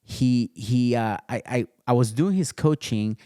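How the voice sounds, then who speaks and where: A man guest on a casual podcast, telling his story in a relaxed way with many fillers and restarts, recorded at his home studio. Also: mid-range voice, unhurried, smooth, no room sound. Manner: laid-back, storytelling with lots of fillers and restarts. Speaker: podcast guest, custom sneaker entrepreneur.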